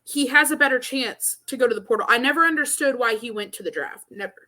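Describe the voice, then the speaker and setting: A woman's voice: fairly high pitch, fast, pushed and bright. A woman from Arkansas co-hosting a casual sports podcast, blunt and opinionated. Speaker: podcast co-host.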